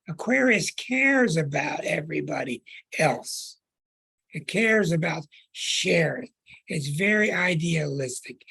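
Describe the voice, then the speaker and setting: Slow, husky-voiced astrologer man. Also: on the high side, a bit bright. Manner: earnest, preaching, stretches words for emphasis. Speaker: astrologer and show host. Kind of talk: podcast monologue.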